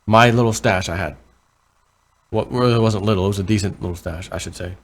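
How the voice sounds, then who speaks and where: A man's voice: lowish voice, fairly quick. Guy rambling thru price charts on his channel, keeps correcting himself, gets worked up over big numbers. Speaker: crypto vlogger. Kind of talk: casual commentary over charts.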